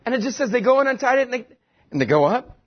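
A man preaching with a high voice that has a husky edge, animated and quick to act out the people in his stories. The recording sounds dull and lo-fi. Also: a faint crowd. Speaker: pastor. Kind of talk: sermon with comic retelling.

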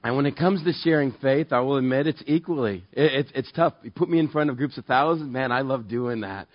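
A Southern California pastor gives a conversational sermon built on self-deprecating stories, acting out both sides of conversations with quick jumps in pitch. The recording is lo-fi with no echo.

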